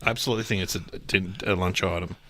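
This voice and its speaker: A man co-hosting a podcast, telling stories in an animated, chatty way. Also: deep voice, rapid-fire, dry recording, clean studio sound. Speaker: podcast co-host. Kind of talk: casual chat.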